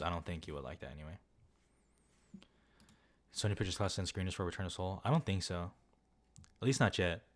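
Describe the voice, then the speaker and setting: A young man reviewing films in a casual, rambling way, peppered with filler words and swearing while he answers viewers. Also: deep voice. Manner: rambling and loose, heavy use of filler words, swears freely. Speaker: film vlogger.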